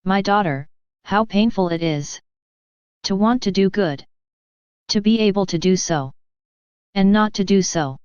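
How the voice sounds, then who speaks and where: A woman's voice: medium pitch, unhurried, long pauses, a little mellow, smooth, dry recording, lightly acted. A woman reading the words of a sorrowful divine man who pleads for love, in a solemn, earnest way. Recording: dull, slightly lo-fi dry recording.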